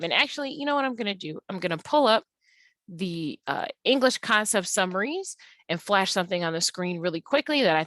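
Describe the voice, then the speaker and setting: A woman English tutor giving an online lesson, explaining patiently and stretching words out slowly to show how they sound. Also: lowish voice, a bit bright, no room sound.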